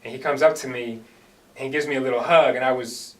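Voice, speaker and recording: With fairly even intonation and a quick pace, a man in a mid-range voice performs a sincere first-person dramatic monologue in an earnest storytelling style. A hesitant, filler-heavy introduction comes first, and he's recorded from afar.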